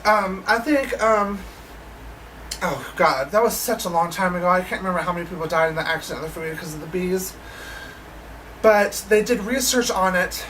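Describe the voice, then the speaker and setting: A woman vlogger telling a story in a casual, animated way, acting out the people she quotes and swearing now and then. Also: fairly low pitch, moderate pace, far from the mic, slight background noise, low-quality recording. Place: living in Las Vegas.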